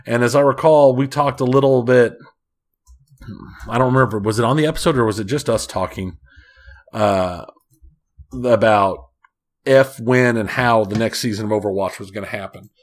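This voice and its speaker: Relaxed male podcast host. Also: medium pitch, moderate pace, pauses often. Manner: relaxed, with frequent restarts. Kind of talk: casual chat and news rundown.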